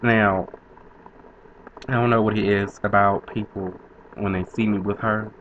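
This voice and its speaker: A man's voice: fairly low pitch, level tone, unhurried, muffled recording, a little hiss or hum. A man in his twenties telling a story to camera in a chatty, sassy way, with frequent laughs. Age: 20s. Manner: chatty, sassy diva flair, laughs often. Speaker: vlogger.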